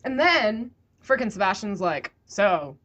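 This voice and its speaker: A woman's voice: medium pitch, very animated, a little slow, fairly bright tone, highs cut off. Giggly woman cohost chatting casually, voice bounces all over the place. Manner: giggly, playful, slangy. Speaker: podcast co-host reviewing a story. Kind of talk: casual chat.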